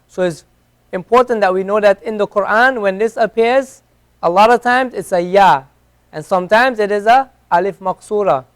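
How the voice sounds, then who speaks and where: A man's voice: high voice, normal speed. A man teaching an Arabic class in a classroom, patiently repeating each sound several times. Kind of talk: classroom lesson. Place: mosque classroom.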